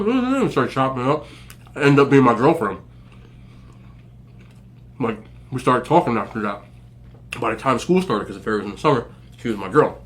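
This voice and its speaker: A man in his forties telling stories to viewers in a relaxed, joking way, laughing often and using plenty of slang. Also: medium pitch. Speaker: mukbang host. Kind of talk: casual storytelling to viewers.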